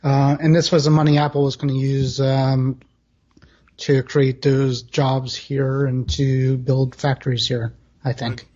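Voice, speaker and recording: A man's voice: mid-range voice, little pitch movement, measured pace, darkish tone. A man co-hosting a casual chat, laid-back and giving brief replies. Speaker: podcast co-host. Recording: dull lo-fi sound.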